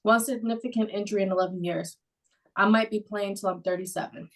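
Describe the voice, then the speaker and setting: A woman co-hosting a casual sports podcast, relaxed as she brings up news items. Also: medium pitch, brisk, low-quality recording. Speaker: podcast co-host.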